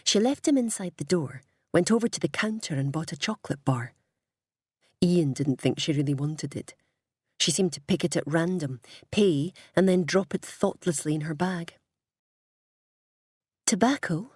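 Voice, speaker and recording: A woman reading a story aloud in a calm, unhurried narration. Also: low voice, slightly rough, dry recording, studio quality. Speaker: audiobook reader.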